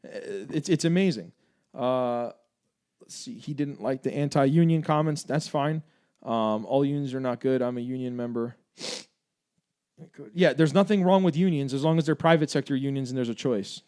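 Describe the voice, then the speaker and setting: A man hosting a livestream, reading viewer comments aloud and answering them in an energetic, argumentative way, with many fillers. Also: mid-range voice, normal speed, smooth. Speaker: livestream host for a gun rights group.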